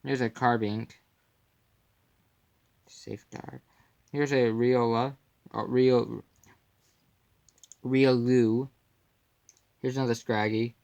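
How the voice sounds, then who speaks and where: A young man walks through his card collection in a loose, joking way, tossing in puns and quiet mumbled asides. He talks slowly and takes his time, and his voice has a gravelly, fry-laced edge. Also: medium pitch, little pitch movement. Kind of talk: casual off-camera commentary.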